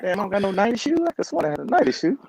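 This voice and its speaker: A man on a casual panel chat who talks in an animated, slangy way and laughs often. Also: sits high, racing, vocal fry, noisy background.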